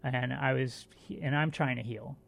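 A middle-aged man with a gravelly, fry-laden voice is a guest in a casual chat. He talks in halting bursts with plenty of fillers and restarts, at an ordinary middle pitch. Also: fairly even intonation, fairly bright tone. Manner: halting, filler-heavy recollection. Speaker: guest, former bike racer. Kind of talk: casual conversational storytelling.

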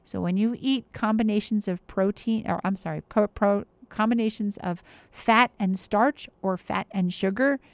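A woman's voice: medium pitch, normal speed, few pauses, no echo. Chatty woman giving health advice. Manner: chatty, emphatic, with many fillers and restarts. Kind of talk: casual advice talk.

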